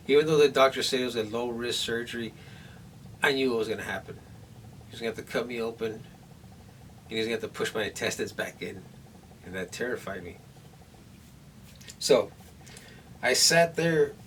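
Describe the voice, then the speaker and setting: A man's voice: mid-range voice, a bit bright. A man vlogging at home after surgery, telling a rambling story to the camera with many restarts, sore and in pain. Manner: rambling, nervous retelling with restarts. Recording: distant camera mic, faint room noise.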